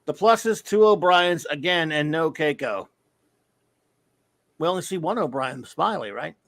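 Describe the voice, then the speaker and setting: Male co-host, slightly high voice, joking and rambling, casual chat, dead-dry room. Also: lively intonation, measured pace, a bit bright, no room sound. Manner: joking, rambling, full of fillers. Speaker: podcast co-host. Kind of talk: casual chat, reading listener reviews.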